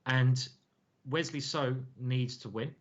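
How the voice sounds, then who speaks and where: A man's voice: medium pitch, slow pace. An English man hosting casual live chess commentary, talking in a chatty, joking way and laughing often. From England. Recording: dull lo-fi stream audio.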